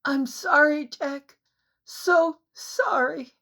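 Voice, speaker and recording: A woman's voice: high-pitched, unhurried, pitched above the performer's own voice. A woman voicing a young woman hanging from a cliff, gasping and sobbing her words in an audiobook reading.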